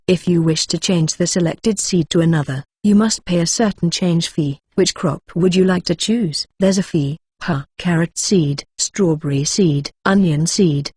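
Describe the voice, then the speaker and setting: A synthetic text-to-speech voice narrating a web-novel audiobook in a flat, even delivery, reading out symbols and abbreviations literally. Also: medium pitch, slightly rough, no echo, studio quality.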